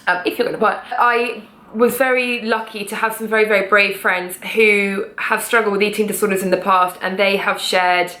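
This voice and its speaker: A chatty, passionate woman speaking to camera in an informal, swear-laced way. Her voice is bright and a little sharp. The room around her is echoey. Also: medium pitch, fairly even intonation, normal speed. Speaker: vlogger and author. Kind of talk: casual talk to camera.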